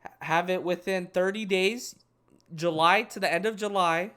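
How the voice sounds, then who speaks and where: A man's voice: high-pitched, normal speed, pushed and bright, clean tone. A young man co-hosting a casual sports chat, rambling and restarting his thoughts mid-sentence. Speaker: podcast co-host.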